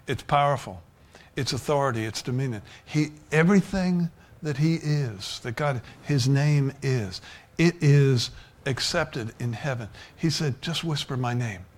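A man preaching a sermon, building from low, even talk to loud fervor and at times dropping to a whisper. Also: measured pace, hardly any pauses.

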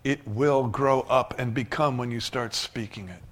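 A man preaching a sermon as pastor, emphatic, swinging from loud rises to soft asides. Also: medium pitch, moderate pace.

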